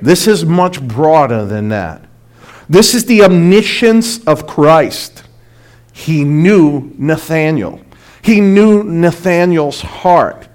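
A man preaching a short sermon and reading scripture aloud, talking in a conversational, emphatic way and often checking in with his listeners. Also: fairly high pitch. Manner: conversational, emphatic, asks the audience "right?".

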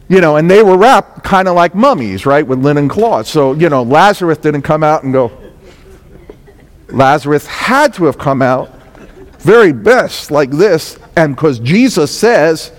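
High-voiced New York preacher in a reverberant hall. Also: male voice, animated, unhurried. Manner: conversational preaching, dramatized quotes, rising intensity. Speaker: pastor. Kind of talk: sermon.

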